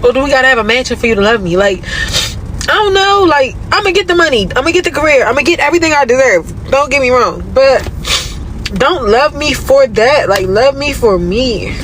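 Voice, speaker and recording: A man's voice: very high-pitched, animated, a little fast, fairly bright tone, a little hiss or hum, poor audio. A man ranting to camera from a car, impassioned and repetitive, swearing often. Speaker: social media commentator. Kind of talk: emotional rant to camera.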